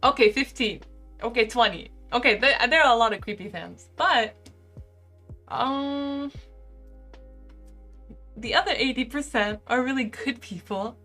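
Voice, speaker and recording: A young woman in her twenties, a live-streamer, chatting casually and reading out viewer comments in an animated way. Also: fairly high pitch, measured pace, long pauses, soft background music. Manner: chatty and animated, heavy use of "like".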